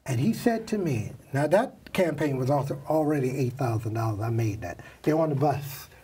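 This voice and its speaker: Older man telling stories, husky and distant. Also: medium pitch, normal speed. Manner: animated storyteller acting out quoted voices. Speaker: makeup artist guest. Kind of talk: storytelling interview.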